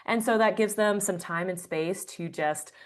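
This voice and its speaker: Appearing as a podcast guest, a woman with a mid-range voice and moderate pace gives a conversational interview answer. She describes breathwork earnestly, with frequent filler words.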